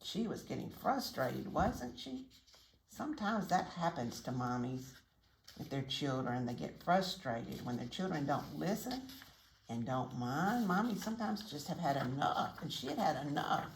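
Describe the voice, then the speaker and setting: Woman, children's story reader, slow expressive storytelling, lively pitch, echoey room. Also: a little hiss or hum. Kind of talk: reading aloud to children.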